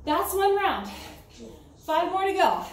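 High-voiced woman coaching a home workout. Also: big pitch swings, slow, a little hiss or hum. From United States. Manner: upbeat, counting reps aloud while exercising. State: out of breath. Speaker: fitness instructor. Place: home room with ceiling fan. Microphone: camera some distance away. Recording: roomy, distant from the mic, with music. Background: background music.

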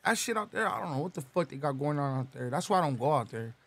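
A young man from Los Angeles, talking casually as a podcast guest, swearing and slangy, reeling off shout-outs. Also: a little high, lively intonation, fast talker, few pauses, no room sound.

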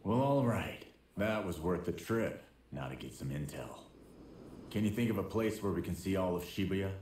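Deep gruff ex-cop, blunt and clipped, echoey game audio. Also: male voice, animated, moderate pace, a little mellow, slight background noise. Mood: calm. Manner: blunt, clipped, matter-of-fact.

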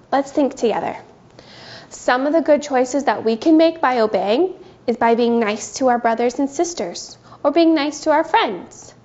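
A woman giving a gentle, sing-song Bible lesson to small children. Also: on the high side, highs cut off. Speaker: children's teacher.

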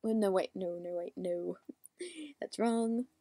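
A woman's voice: medium pitch, lively intonation, takes it slowly, dark tone, dry recording. A woman voice actor sheepishly correcting herself between takes. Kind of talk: blooper outtakes, casual chat.

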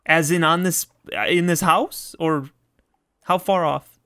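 Man, slightly high voice, let's play gamer, reads on-screen text aloud, excitable, chatty asides. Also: slow pace, clean tone. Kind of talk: reading game text aloud with live reactions.

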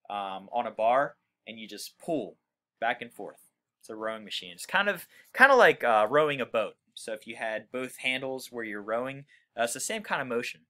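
A man reading a children's book aloud, pausing to explain words to young listeners in a friendly way. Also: mid-range voice, pushed and bright. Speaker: reader for children.

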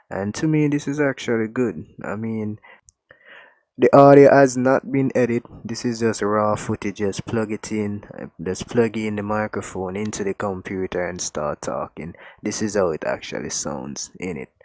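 A man's voice: lowish voice, darkish tone. A man hosting a casual tech unboxing vlog, talking loosely and repeating "actually" and "like", recorded raw and unedited on a USB mic close to his mouth. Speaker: tech channel host. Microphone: USB desktop mic close to mouth. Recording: raw unedited mic audio, faint music.

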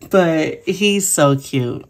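Low-voiced chatty woman vlogger. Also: big pitch swings, extremely slow, husky. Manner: chatty, giggly, addresses viewers as y'all. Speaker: planner sticker vlogger. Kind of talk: casual chat.

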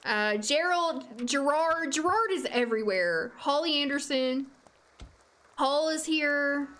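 A young adult woman talks slowly in a high-pitched, expressive, slightly bright voice during a relaxed gameplay stream. She laughs often, speaks to the characters on screen, and faint music can be heard behind her.

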